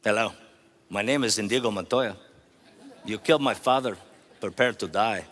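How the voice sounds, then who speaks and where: A man plays a vengeful swordsman, solemn and grimly set on his purpose. The voice stays low and steady. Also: moderate pace, big-room sound.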